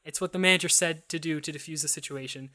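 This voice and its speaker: A young man co-hosting a podcast, telling a story in a casual, animated way and acting out the other people's lines. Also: on the high side. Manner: animated, acts out quoted dialogue; restarts and fillers, quick asides. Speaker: podcast co-host.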